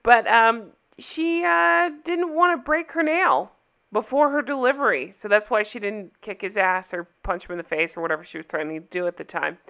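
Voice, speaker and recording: Bright-voiced sarcastic woman host. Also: a little high, moderate pace, creaky. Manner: sarcastic, laughs often. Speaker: reaction video host. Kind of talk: casual reaction commentary. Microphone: desk microphone.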